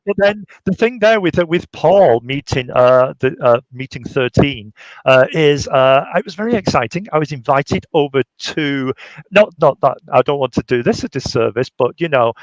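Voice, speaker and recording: A man's voice: fairly high pitch, expressive, normal speed, dry recording, highs cut off. A man, chatting casually and jokingly as a guest while he shows his handmade puppet. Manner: chatty, jokey, demonstrating by hand. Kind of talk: casual chat on a live stream.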